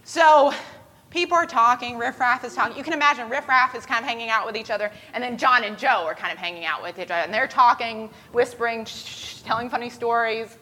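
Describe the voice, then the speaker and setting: Woman, preacher, casual storytelling sermon, chatty, self-deprecating, bright tone. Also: a little high, fast talker. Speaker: preacher leading a skit with volunteers.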